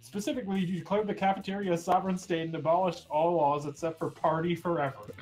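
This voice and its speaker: A man hosting a game session with friends, reading the game text aloud in a playful way that is quick to laugh. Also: sits high, steady tone, darkish tone, soft background music, low-quality recording. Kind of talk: let's play narration among friends.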